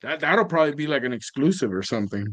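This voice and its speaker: A man's voice: medium pitch, expressive, fast, fairly bright tone. A man co-hosting a casual toy-collecting chat, talking in a laid-back, rambling way and trailing off mid-sentence.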